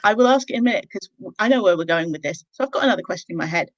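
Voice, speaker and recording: A woman co-hosting an interview over a video call, chatty and jokey, acting out quotes in a bright, sudden voice. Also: expressive, rapid-fire, slight background noise. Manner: chatty, jokey, acts out quotes with big pitch jumps. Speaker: co-host interviewer. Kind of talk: casual video-call chat. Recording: dull lo-fi video-call audio.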